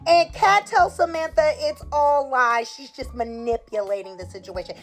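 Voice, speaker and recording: A woman's voice: sits high, moderate pace. Sassy woman recapping a soap. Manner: sassy, opinionated, acts out the characters' lines. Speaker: soap opera recap host. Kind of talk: casual chat.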